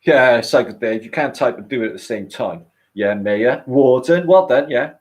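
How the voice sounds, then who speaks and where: A man's voice: medium pitch, animated, normal speed. A man with a British accent hosts a livestream, rambling, joking and swearing as he reads out viewer comments. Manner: rambling, swears freely, jokey banter with viewers. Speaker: livestream host. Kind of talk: casual live chat reading viewer comments.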